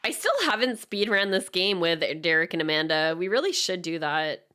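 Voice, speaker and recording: A woman's voice: lowish voice, moderate pace, pushed and bright, clear, resonant tone. A woman from Canada chatting casually and laughing often while she streams a speedrun attempt. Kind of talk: casual live-stream chat while gaming.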